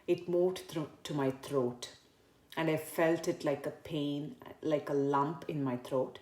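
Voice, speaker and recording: Woman practitioner with a low voice leading a tapping exercise in an echoey room. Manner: soft, slow and repetitive in the tapping script. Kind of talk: guided tapping demonstration.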